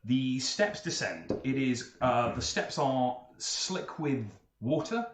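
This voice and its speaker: A man narrating as game master, playful and animated, jumping up in pitch for emphasis. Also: slow pace. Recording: echoey room mic with faint noise.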